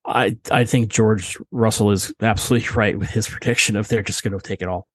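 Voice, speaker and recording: A man's voice: fairly low pitch, fairly even intonation, fairly quick, breathy edge, no echo. A man co-hosting a casual podcast, rambling and opinionated, swearing often. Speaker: podcast co-host. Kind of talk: casual chat.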